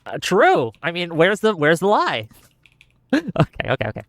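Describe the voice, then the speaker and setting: A man's voice: fairly high pitch, measured pace, creaky, no echo. A man hosting a live online debate show, reading donations and joking lightly. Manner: lively, reads donations, light jokes.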